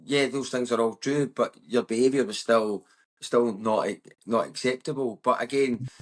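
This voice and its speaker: A Scottish comedian in his thirties, with a West of Scotland accent, speaks at a medium pitch and moderate pace. As a guest in a candid conversation, he talks bluntly and emphatically and swears a lot.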